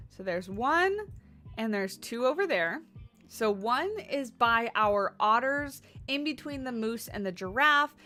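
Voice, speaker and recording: Streaming a game from her home office, a woman with a fairly high, sharp-toned voice chats casually and coos at her dogs. She's using a USB condenser desk mic for this casual livestream commentary while playing.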